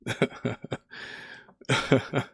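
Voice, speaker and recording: A man with a sore, hoarse throat hosting a casual livestream, laughing often as he greets viewers in the chat by name. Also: extremely slow, no echo, studio quality. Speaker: livestream host.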